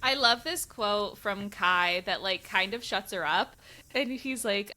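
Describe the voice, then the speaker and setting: A woman's voice: medium pitch, unhurried, sharp tone. A woman co-hosting a casual book podcast, playful and teasing, often laughing. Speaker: podcast co-host. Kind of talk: casual book-discussion chat.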